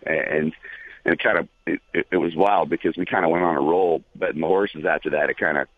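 Deep-voiced man on a phone line. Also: steady tone, a little fast, no room sound. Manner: rambling, many fillers. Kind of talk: casual storytelling.

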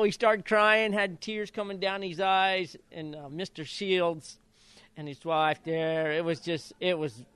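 An older man from Idaho, a retired jockey, telling stories in an interview and acting out quotes in high voices. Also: clean tone, no echo. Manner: animated storyteller, acts out quotes in high voices. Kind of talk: storytelling interview.

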